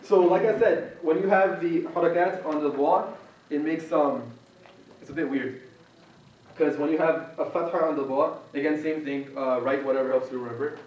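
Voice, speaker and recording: A man's voice: a little high, steady tone, moderate pace, a little mellow, slight background noise. A young man teaching a university class on pronunciation, patient and informal, modeling sounds over and over for students. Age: young adult. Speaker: Quran recitation teacher. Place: university meeting room. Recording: echoey room, distant muffled mic.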